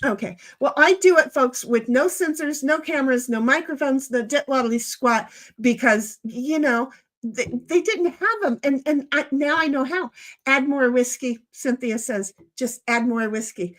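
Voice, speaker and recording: High-pitched middle-aged woman, chatty livestream host, rambling storyteller. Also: moderate pace. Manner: chatty, rambling, animated, checks in with "okay?". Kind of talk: casual storytelling chat.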